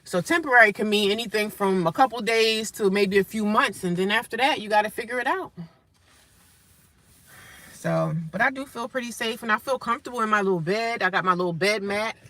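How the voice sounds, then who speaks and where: A woman's voice: medium pitch, pushed and bright. A woman vlogger talking casually to the camera in a frank, emphatic, motivational way. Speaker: vlogger living in a shelter.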